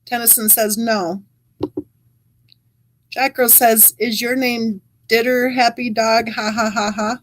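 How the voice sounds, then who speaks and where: A woman's voice: fairly high pitch, fairly even intonation, slow, slight background noise, low-quality recording. A woman hosting a true crime channel, reading live chat comments aloud and adding wry, chatty asides.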